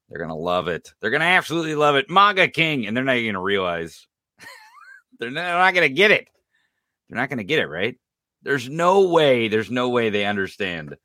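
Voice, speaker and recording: A male podcast host in full rant mode, his pitch leaping up and down. His tone is bright and edgy, loaded with sarcasm and swearing, and the sound is close and dry with no room around it. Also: no echo. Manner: animated, profane ranting with laughs and sarcasm. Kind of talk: live-streamed political commentary.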